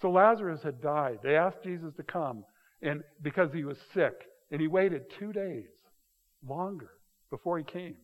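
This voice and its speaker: A male pastor preaching a sermon, talking casually and telling stories with quick acted-out voices. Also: fairly high pitch. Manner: conversational, animated storytelling with quick acted-out voices. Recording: dull sound with long hall reverb.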